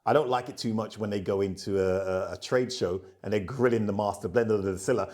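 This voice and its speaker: A middle-aged man, a rum ambassador, talking as a guest in a conversational interview, telling animated stories and laughing often. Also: on the low side, fast talker. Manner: animated storyteller who acts out dialogue and laughs often.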